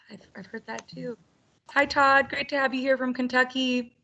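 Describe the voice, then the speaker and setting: A woman's voice: sits high, steady tone, unhurried, vocal fry, pushed and bright, a little hiss or hum. A woman hosting an online roundtable for teachers over a video call, upbeat and chatty with frequent laughter. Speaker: webinar host.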